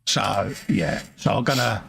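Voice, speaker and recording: Jokey co-host, casual chatty livestream delivery. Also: male voice, on the low side, measured pace, vocal fry, a bit bright, slight background noise. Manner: chatty, jokey, reads out viewer comments. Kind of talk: casual chat.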